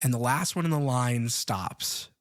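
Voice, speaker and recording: Man calmly recapping a film plot. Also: mid-range voice, a little slow. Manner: even plot recapping with fillers. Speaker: podcast co-host. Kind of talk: casual film discussion.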